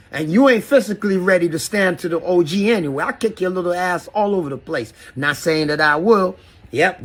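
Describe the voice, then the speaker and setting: Ghanaian man, middle-aged, husky and high-set, profane heated rant at critics. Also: a bit bright. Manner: heated, profane, preachy, mixes in local phrases. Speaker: artist addressing critics. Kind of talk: angry video rant.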